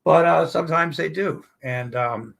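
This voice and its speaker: A man's voice: a little high, a little slow, vocal fry, fairly bright tone, a little hiss or hum. A man hosting a casual livestream from his apartment, rambling and exclamatory, swearing freely. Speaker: livestream host. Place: old apartment indoors.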